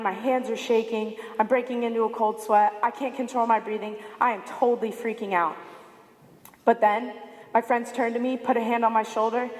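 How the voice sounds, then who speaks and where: A woman in her late teens giving a prepared speech to an audience, telling a story with animated delivery and acting out quoted lines. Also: fairly high pitch. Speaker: student speaker. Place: large high school arena. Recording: echoey arena with long reverb.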